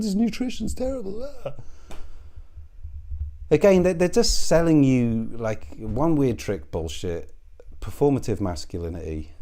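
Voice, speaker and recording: A man's voice: mid-range voice, warm tone. A man rambling sarcastically in a monologue, swearing freely and chuckling between jabs. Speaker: commentary video host.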